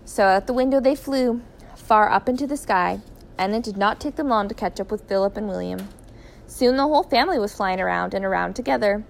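A woman narrating a children's story in a clear, even, expressive reading voice. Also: mid-range voice, brisk, slight background noise. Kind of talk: children's story read aloud.

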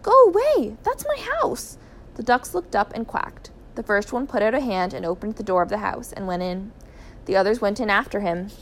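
A woman narrating a children's story in a clear, even, expressive reading voice. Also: medium pitch, brisk, a little hiss or hum. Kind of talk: children's story read aloud.

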